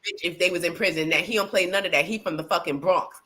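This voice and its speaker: A woman co-hosting a casual gossip show, telling stories in an animated, profane way with lots of fillers. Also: fairly low pitch, quick pace. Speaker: podcast co-host.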